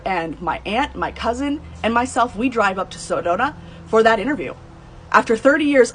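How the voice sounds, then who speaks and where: Woman, thirties or older, first-person vlogger, blunt and heated, voice sits a touch high, faint room noise. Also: low-quality recording. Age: adult, over 30. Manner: blunt and heated, swears, rises to high outbursts. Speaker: true crime vlogger telling her mother's case. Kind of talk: emotional first-person storytelling.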